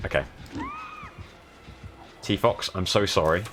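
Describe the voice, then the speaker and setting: With a deep, fairly bright voice, a young man from the south of England streams his gameplay at a normal speed, commentating with a southern English accent and thanking viewers as they follow. He pauses often in his chatty delivery, and faint music can be heard behind him.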